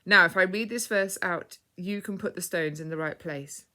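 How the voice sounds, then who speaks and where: A woman's voice: fairly low pitch, normal speed, voice pushed up. A woman voicing a stern, commanding knightly man. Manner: firm, authoritative and loud.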